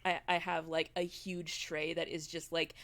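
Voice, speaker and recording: Giggly woman with a gravelly low voice. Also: level tone, moderate pace, fairly bright tone. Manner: giggly, hesitant. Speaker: player. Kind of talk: casual chat at a tabletop game.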